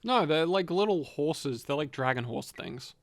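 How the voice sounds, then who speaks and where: A man's voice: fairly high pitch, expressive, unhurried, vocal fry, no room sound. A man co-hosting a podcast, telling fantasy lore in a rambling, profane, joking way. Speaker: podcast co-host narrating lore. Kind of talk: casual lore chat.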